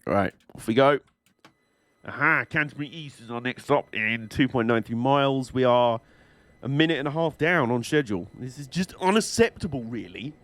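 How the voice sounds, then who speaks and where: A chatty young man who banters casually with his stream audience while playing. His voice sits at an ordinary middle pitch, and his humor is dry and sweary. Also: expressive, normal speed, fairly bright tone, no echo. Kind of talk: casual live-stream chat while gaming.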